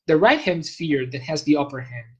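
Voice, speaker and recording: A man's voice: a little high, lively intonation, darkish tone, poor audio. Man explaining like a lecturer. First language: Spanish. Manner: measured, lecturing, pauses to search for terms. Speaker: guest expert. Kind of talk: explanatory academic talk.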